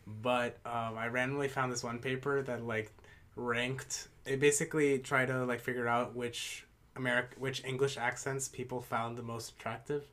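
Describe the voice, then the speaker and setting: A woman's voice: very deep voice, flat delivery, moderate pace, a bit bright. A woman co-hosting a casual podcast, rambling with many fillers as she recaps. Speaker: podcast co-host. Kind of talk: casual chat.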